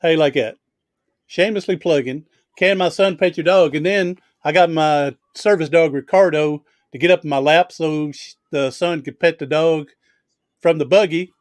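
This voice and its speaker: A man's voice: on the high side, normal speed, dry recording. A man hosting a casual video chat, telling stories in a chatty, easygoing way. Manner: storytelling, chatty, laughs easily. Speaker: host.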